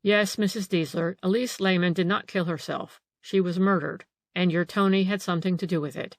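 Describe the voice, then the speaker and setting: A woman voicing a calm male police detective in an audiobook, pressing with questions. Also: fairly low pitch, brisk, dry recording, natural voice. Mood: probing. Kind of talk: audiobook character reading.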